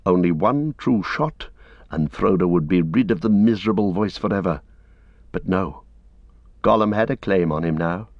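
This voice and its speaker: An audiobook reader with a low voice narrates a scripted fantasy story in a steady, measured way. The recording is dry, close and without room sound, though somewhat dull and lo-fi.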